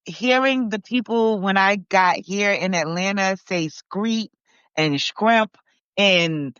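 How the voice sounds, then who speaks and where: A woman's voice: mid-range voice, a little slow, fairly bright tone, clear, resonant tone, no room sound. A woman from Barbados and New York talking casually, rambling with many fillers and restarts. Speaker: podcast participant. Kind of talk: casual conversation. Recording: dull lo-fi.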